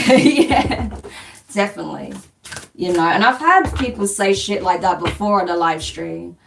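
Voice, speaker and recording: Woman streamer, low-ish tone, blunt and sweary, reading viewer comments; mic a bit far off, faint noise behind. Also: lively intonation, normal speed, gravelly, a bit bright. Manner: blunt and dismissive, swears casually, laughs often. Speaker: spiritual reader hosting a live stream. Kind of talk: casual live-stream chat answering comments.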